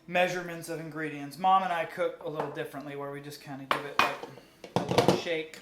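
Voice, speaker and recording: A fairly high-voiced man chats easily in a home kitchen, musing aloud as he tries food. The room rings with echo, and steady noise sits underneath his voice. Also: fast. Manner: easygoing, thinking aloud while tasting. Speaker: cooking video co-host. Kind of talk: casual kitchen chat. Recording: echoey kitchen with loud background noise.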